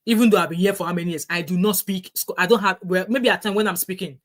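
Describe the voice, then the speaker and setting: A woman's voice: lowish voice, fairly even intonation, fast talker. A middle-aged woman with a Nigerian English accent, vlogging casual advice earnestly and often restarting her sentences. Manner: earnest, repetitive, with frequent restarts.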